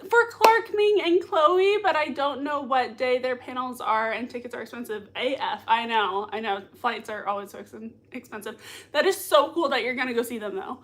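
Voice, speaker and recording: A woman's voice: a little high, a bit bright. A woman hosting a livestream from home, reading out viewer comments and gushing over them with lots of giggles. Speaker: livestream host. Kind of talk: live chat reading. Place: home room.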